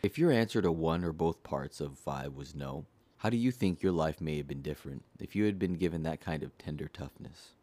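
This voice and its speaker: A man with an extremely low, deep voice reads a self-help book aloud. His delivery is steady and earnest, and he poses each question directly to the listener. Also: brisk. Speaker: audiobook reader.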